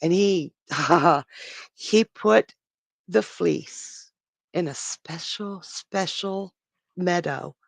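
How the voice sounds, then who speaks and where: Live stream storyteller telling a myth, slow and gravelly, dry close sound. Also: mid-range voice, no room sound. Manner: slow, dramatic, with pauses and restarts.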